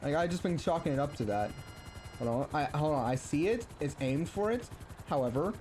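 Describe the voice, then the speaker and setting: A young man chatting casually while streaming a game, rambling and halting with lots of ums and restarts. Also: on the high side, lively intonation, a little mellow. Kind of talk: casual gameplay chat. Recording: faint game noise behind.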